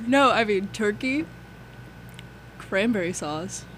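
High lively-voiced teasing young man. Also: takes it slowly, over a noisy crowd, low-quality recording. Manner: playful, teasing, laughs often. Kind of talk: casual chat.

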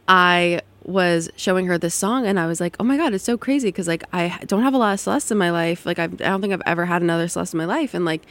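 A woman's voice: on the low side, creaky, dry recording. A young adult woman hosting a college radio show, chatting casually between songs in a rambling way, full of "like" and "um". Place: radio studio.

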